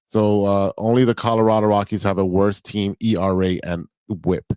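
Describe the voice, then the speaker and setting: Male podcast host, low voice, dry close sound, relaxed delivery, reads through numbers. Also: normal speed, clear, resonant tone, dry recording. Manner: easygoing, laughs along, runs through stats. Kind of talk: casual chat and segment hosting.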